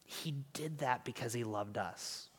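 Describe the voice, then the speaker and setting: A man in his thirties preaching a sermon in a church, chatting casually and swinging between loud emphasis and hushed, near-whispered lines. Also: medium pitch, a little slow. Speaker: pastor. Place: church sanctuary.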